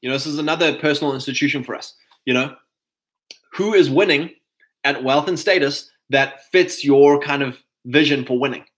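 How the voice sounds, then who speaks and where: A man's voice: a little high, normal speed, fairly bright tone. A man giving a casual, rambling motivational talk to other men as a podcast host, full of fillers and restarts, calling his listeners chaps.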